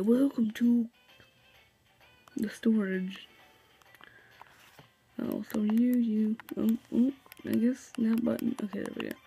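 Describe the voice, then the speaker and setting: Young man, let's play host, chatty, reads game text aloud, gravelly, faint background music. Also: high voice, warm tone. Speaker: gaming video host.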